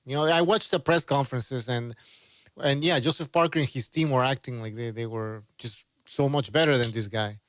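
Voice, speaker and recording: A man's voice: medium pitch, moderate pace, a bit bright, a little hiss or hum. A man on a casual podcast panel, speaking hesitantly with frequent fillers.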